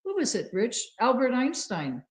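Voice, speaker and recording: A woman's voice: on the high side, very animated, normal speed. A woman co-hosting a talk show, earnest and explanatory, who calls people honey. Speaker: co-host. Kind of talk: casual talk show commentary.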